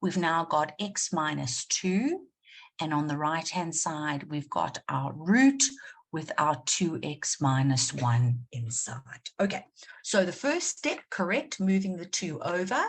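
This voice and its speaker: A woman's voice: deep voice, animated, takes it slowly, breathy edge. A woman maths teacher from South Africa leading a live online revision class, quizzing her students and repeating key points for emphasis. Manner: questioning, encouraging, repeats for emphasis.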